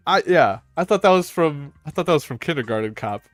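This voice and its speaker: A man's voice: medium pitch, brisk, few pauses, no echo, faint music behind. A man hosting a casual panel chat, rambling, swearing and laughing as he retells scenes. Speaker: host.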